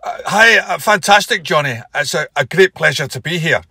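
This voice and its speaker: A man doing an impression of a comedian, telling rambling anecdotes with deadpan punchlines. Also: on the high side, moderate pace, vocal fry, slightly rough, no echo, studio quality, exaggerated voice. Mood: storytelling. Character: comedian from Glasgow impression, man, easygoing storyteller. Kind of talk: comic impression interview.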